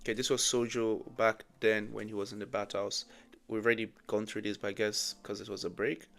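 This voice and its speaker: A man reviewing a manga, reading lines aloud and breaking into excited reactions. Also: on the low side, brisk, creaky, faint music behind. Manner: reads dialogue aloud, reacts with loud bursts and laughs.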